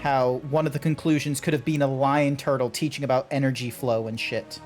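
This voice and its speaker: A man streaming a game and chatting with friends in easygoing, rambling talk. He swears casually and laughs easily, and his voice sits at an ordinary middle pitch. Faint music plays underneath. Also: steady tone, brisk. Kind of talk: casual chat while gaming.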